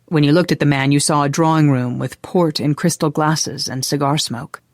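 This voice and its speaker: An audiobook narrator reading a historical romance in an even, unhurried way. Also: medium pitch, no room sound, studio quality. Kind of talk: scripted narration.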